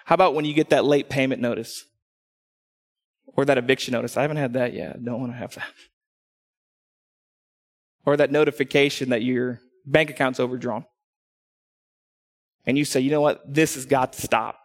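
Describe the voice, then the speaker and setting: A man's voice: medium pitch, moderate pace, pauses often. A middle-aged man preaching a sermon as pastor, telling stories and acting out quotes. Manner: animated storytelling, acts out quotes. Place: church hall. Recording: hall reverb.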